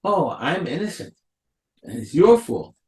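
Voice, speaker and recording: A man's voice: a little high, big pitch swings, a little slow, darkish tone, roomy sound, far from the mic. A man voicing a defensive biblical elder brother who blames the others. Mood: blaming. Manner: blaming, self-righteous.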